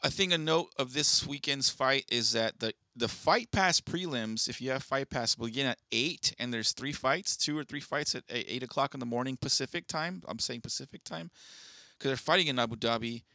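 A man's voice: mid-range voice, normal speed, pushed and bright, dry recording. A man co-hosting a podcast in casual chat, laid-back as he runs through the upcoming fights. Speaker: podcast co-host.

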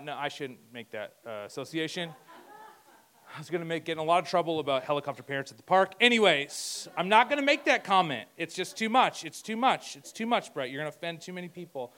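A man's voice: high voice, a bit bright, clean tone. A man preaching a conversational sermon as pastor, joking and talking asides to himself.

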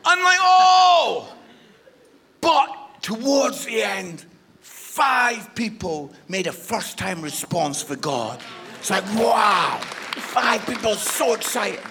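A man preaching a sermon, telling a funny story in an animated, playful way and talking straight to the congregation. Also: high voice, takes it slowly, creaky, breathy edge. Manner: animated, playful, addresses the audience directly. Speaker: guest preacher.

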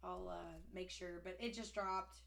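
A woman's voice: fairly low pitch, fairly even intonation, unhurried, gravelly, fairly bright tone. A woman co-hosting a podcast, telling stories in a chatty way, laughing and swearing. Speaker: podcast co-host. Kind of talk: casual podcast chat.

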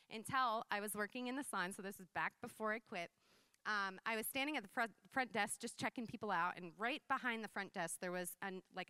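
A woman in her thirties giving a sermon with personal testimony, telling stories in a lively, conversational way. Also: medium pitch, smooth, no echo. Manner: conversational, animated storytelling with frequent "like" and laughs. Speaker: preacher.

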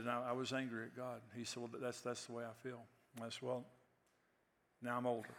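A man's voice: mid-range voice, fairly bright tone, big-room sound. A man in his sixties preaching a sermon, telling stories in a conversational way that rises to emphatic peaks. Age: 60s. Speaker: pastor. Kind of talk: sermon with storytelling.

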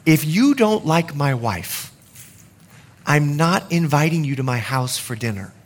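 A man preaching a sermon, animated, with jokes and asides to the congregation. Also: on the high side, measured pace, slight background noise. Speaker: pastor.

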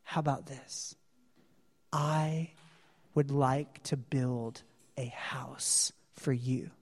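A humble, gentle God speaks softly and slowly, put on by a man preaching. The voice sits low and quiet, and it rings out in a long hall reverb. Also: steady tone, lightly acted.

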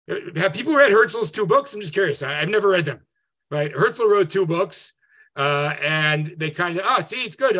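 A man teaching an interactive online class as a rabbi, conversational and lively, often checking in with "right?". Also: high-pitched. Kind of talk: interactive Zoom lecture. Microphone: video call.

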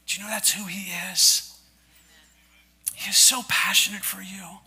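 A man's voice: high-pitched, flat delivery, a little slow, pushed and bright, breathy edge. A man preaching a sermon to his congregation in a church, emphatic and repetitive, often asking the listeners to say lines back with him. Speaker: pastor. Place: church sanctuary before a congregation.

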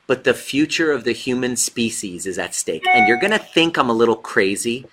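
A man's voice: medium pitch, animated, moderate pace, fairly bright tone. A man who works as a relationship coach, giving a casual motivational talk and driving his points home by repeating them. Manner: emphatic, repeats key points.

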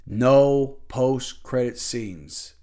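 A man's voice: mid-range voice, drawn-out words, mellow, smooth. A man hosting his own podcast, talking casually and ranting bluntly with lots of swearing. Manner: loose and conversational with fillers. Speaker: podcast host. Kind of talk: casual solo podcast chat.

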